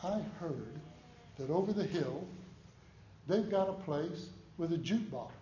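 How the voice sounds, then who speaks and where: A man's voice: fairly high pitch, animated, measured pace, mellow, reverberant, dull audio, slight background noise. A man, a preacher, voicing a restless young son in a sermon story who complains to his father.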